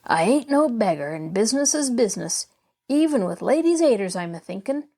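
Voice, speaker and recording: A woman's voice: on the high side, big pitch swings, a little fast, warm tone. A woman reading a storybook aloud, voicing a proud, plainspoken orphan boy with a folksy drawl. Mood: earnest.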